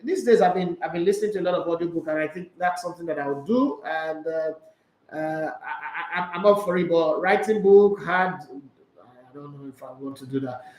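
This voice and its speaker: A man's voice: fairly high pitch, normal speed, a little mellow, reverberant, a little hiss or hum, low-quality recording. A man with a Nigerian accent hosting a casual sports chat, slipping into Pidgin as he reads out viewer comments. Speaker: sports show host. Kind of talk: casual live-stream chat reading comments.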